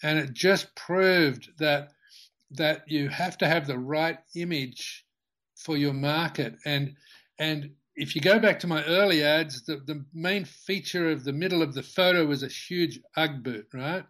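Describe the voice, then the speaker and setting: A man's voice: on the high side, a bit bright. Rambling older man telling a story. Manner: halting, many restarts and fillers. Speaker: interview guest, company founder. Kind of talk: anecdotal storytelling in interview.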